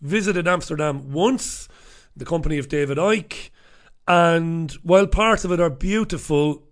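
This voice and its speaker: An Irish man with a fairly high voice and a slightly slow pace hosts a casual live stream from a small studio. Chatting to viewers over a desk microphone, he rambles and pokes fun at himself.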